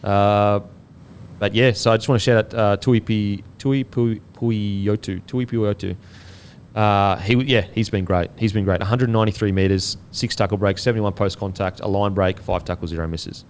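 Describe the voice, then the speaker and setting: A man hosting a casual sports podcast, relaxed and swearing now and then, tripping over player names. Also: on the low side, normal speed, slight background noise. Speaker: podcast host.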